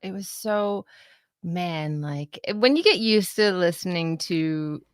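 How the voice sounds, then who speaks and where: A woman's voice: lowish voice, slow, smooth, dry recording, clean studio sound. A woman from Canada, chatting animatedly in a casual political discussion, laughing often and mimicking the people she talks about. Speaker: political commentator.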